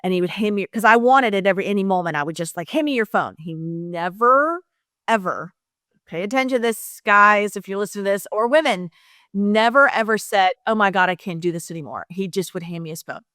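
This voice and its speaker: A woman's voice: mid-range voice, brisk, dry recording. Middle-aged woman guest, emotional confessional storyteller, dry close sound. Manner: emotional, animated, talks to listeners directly. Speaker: podcast guest. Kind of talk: candid personal storytelling.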